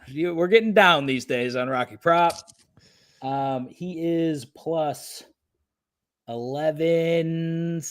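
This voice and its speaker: A man co-hosting a sports betting livestream, brash and profane in casual chat. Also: on the high side.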